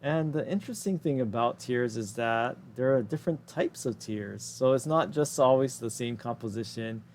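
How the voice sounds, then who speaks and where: A man's voice: medium pitch, expressive, a little mellow, a little hiss or hum. Casual male anatomy lecturer. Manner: casual, self-correcting explanations with quick asides. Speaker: anatomy and physiology instructor. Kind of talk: recorded lecture over slides.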